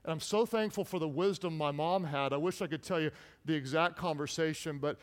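A man's voice: a little high, a little fast. A man in his thirties, a pastor preaching a sermon, telling a personal story in an earnest way with frequent restarts. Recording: long reverb in a large hall.

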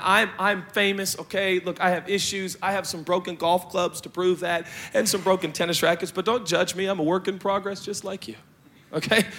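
With jokes and plenty of animation, a young pastor delivers his sermon and makes playful side comments to the congregation. He speaks in a high-pitched voice.

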